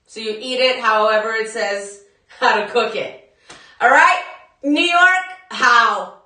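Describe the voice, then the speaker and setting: A woman leads a live workout class in a casual, chatty way and laughs often. Her voice is bright and pitched a little high. It bounces around a very echoey room and sits some distance from the mic. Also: slow. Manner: chatty, laughing, talks straight to viewers. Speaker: fitness instructor.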